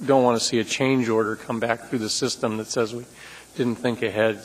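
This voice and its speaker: A man's voice: mid-range voice, a little hiss or hum, low-quality recording. Man pressing questions at an assembly. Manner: pointed, direct questioning. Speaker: assembly member. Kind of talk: questioning at a public meeting. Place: public assembly chamber.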